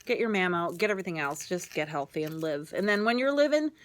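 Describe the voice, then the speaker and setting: A middle-aged woman telling stories on a studio radio show. Her pitch swings freely as she chats. She talks in an easy, laughing way. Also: animated, fast talker. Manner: chatty, laughing storyteller. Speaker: show co-host. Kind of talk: casual radio chat. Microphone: studio microphone.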